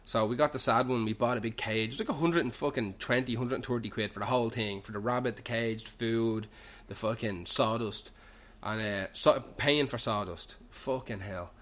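A man's voice: medium pitch, normal speed, few pauses, a bit bright. Swearing young Irish man telling a story. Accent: Irish, Dublin slang. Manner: heavy swearing, loose run-on storytelling. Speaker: podcast host. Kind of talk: rambling comic anecdote. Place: pub.

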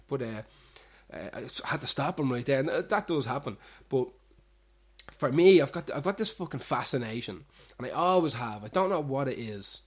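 A man's voice: mid-range voice, expressive, moderate pace, husky. A young man hosting a show, rambling casually with lots of restarts and swearing. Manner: chatty, frequent restarts and swearing. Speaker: show host.

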